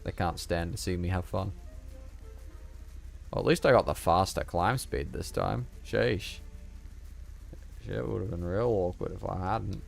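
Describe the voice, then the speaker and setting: A man's voice: low-pitched, measured pace, gravelly, long pauses, faint music behind. A man with a subtle Australian accent chatting and joking with viewers as he plays a game live. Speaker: gaming streamer. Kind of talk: casual live gameplay commentary.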